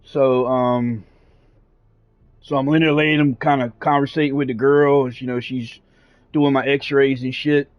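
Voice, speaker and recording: A man's voice: mid-range voice, flat delivery, measured pace. A man streaming a game who tells a long story in casual talk, rambling with lots of fillers and swearing. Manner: rambling, profane, frequent fillers. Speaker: gaming streamer. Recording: dull lo-fi sound.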